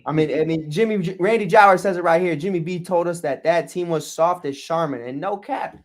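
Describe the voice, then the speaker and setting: A man's voice: on the high side, brisk. A man co-hosting a sports podcast, chatting animatedly and slipping into mocking impressions. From Chicago. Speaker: podcast co-host. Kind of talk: casual sports chat.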